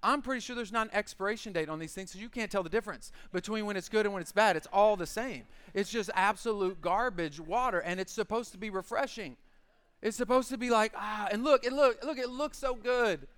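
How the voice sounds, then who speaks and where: Animated, high-voiced joking male pastor. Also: fast, smooth. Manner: animated, joking storyteller who acts out quotes. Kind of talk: casual sermon. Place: church.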